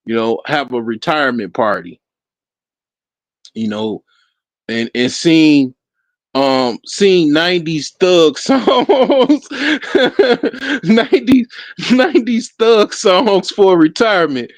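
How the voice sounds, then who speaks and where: A man's voice: fairly high pitch, expressive, takes it slowly, pauses often, dry recording. A man hosting a solo talk show, rambling and profane, laughing often and restarting his sentences. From Africa. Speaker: podcast host. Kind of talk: casual solo commentary.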